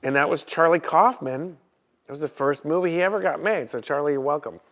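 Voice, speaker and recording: Gravelly-voiced man telling lively stories. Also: a little high, brisk. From Chicago, USA. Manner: animated storyteller who acts out other people's lines. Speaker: guest, photographer. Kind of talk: casual storytelling interview.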